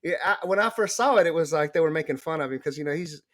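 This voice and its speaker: A man's voice: fairly high pitch, fast, a bit bright. A man hosting a casual interview over a video call, talking with enthusiasm and rambling a bit. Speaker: host.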